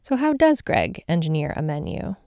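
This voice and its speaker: Low, mellow-voiced woman narrating a podcast. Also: big pitch swings, normal speed, dry recording, clean studio sound, soft background music. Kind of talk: scripted narration.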